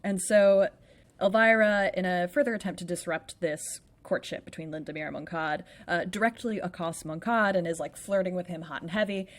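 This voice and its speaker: Recapping a play with her podcast co-host, this woman talks fairly quickly in a low-leaning voice. Her casual chat is playful and chatty, peppered with "like."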